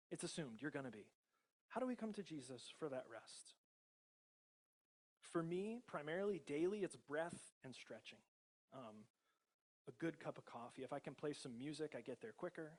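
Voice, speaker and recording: A man's voice: fairly high pitch, animated, moderate pace, pauses often, darkish tone. A male pastor with an American accent preaching a casual, conversational sermon, often chuckling and checking in with the congregation. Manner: conversational, laughs often, many tag questions.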